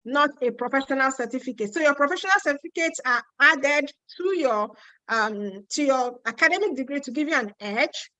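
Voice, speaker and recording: A woman's voice: high-pitched, pushed and bright, dry recording, poor audio. A Nigerian woman with a Yoruba accent hosting a live Q&A webinar from Ontario. She reads out viewer questions and answers them in a chatty, emphatic way, repeating her points. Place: home in Ontario.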